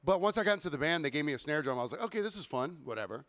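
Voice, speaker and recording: A man's voice: a little high, lively intonation, very fast, fairly bright tone, no room sound. A man co-hosting a podcast, telling a long story in a casual, laid-back way, with plenty of fillers and restarts. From Savannah, Georgia. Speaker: podcast co-host.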